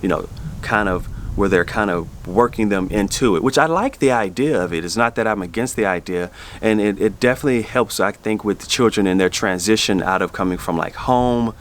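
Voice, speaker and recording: Middle-aged man with a lowish voice, loose rambling delivery, family vlogger talking to camera. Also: a little fast, slight background noise. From Southern US. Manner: rambling, with many restarts and fillers. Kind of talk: casual chat to camera.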